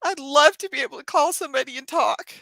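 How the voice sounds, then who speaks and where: A tearful woman talks on a live stream from her yarn craft channel, her voice high and bright. She speaks haltingly, with many sighs and apologies. The sound is dry and close. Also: no echo. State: tearful, crying.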